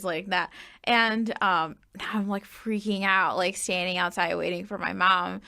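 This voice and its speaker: Young woman chatting, gravelly fry, bright tone, dry close sound, says like a lot. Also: medium pitch, a little slow, no room sound. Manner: chatty, peppers speech with "like". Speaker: guest. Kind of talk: casual storytelling.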